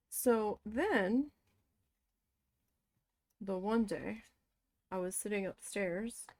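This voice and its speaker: A woman casually telling a story from her past, animated and swearing as she quotes her own shocked reactions. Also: medium pitch. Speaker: crafting vlogger.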